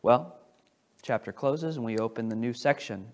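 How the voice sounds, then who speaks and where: A man preaching a sermon as pastor, animated, with restarts as he paraphrases scripture and swings between loud emphasis and quiet asides. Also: mid-range voice, normal speed.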